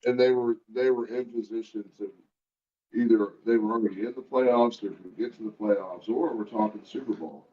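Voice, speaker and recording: A man's voice: fairly low pitch, normal speed, highs cut off. A man co-hosting a sports podcast, chatting casually with short, laid-back replies. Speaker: podcast co-host.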